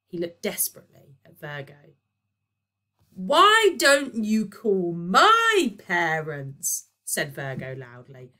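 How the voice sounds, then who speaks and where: A woman, a primary teacher, reading a children's novel aloud with expressive storytelling. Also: low voice.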